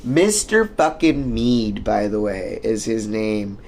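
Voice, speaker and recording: A man's voice: fairly low pitch, big pitch swings, takes it slowly, a little mellow, a little hiss or hum. Rambling, swearing young man. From United States. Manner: rambling, profane, full of fillers. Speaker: streamer. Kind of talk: casual storytelling rant.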